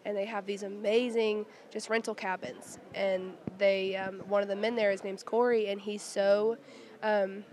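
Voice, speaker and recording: A woman from Oklahoma chatting as a guest songwriter, telling stories quickly with lots of restarts, while getting over bronchitis. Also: mid-range voice, flat delivery, a little mellow, a little hiss or hum. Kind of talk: casual interview chat.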